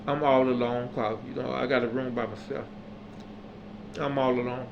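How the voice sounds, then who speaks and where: A man telling a personal story as a monologue, acting out the dialogue and building to loud, emphatic peaks. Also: medium pitch, flat delivery, normal speed, creaky. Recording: slightly dull audio with faint background hum.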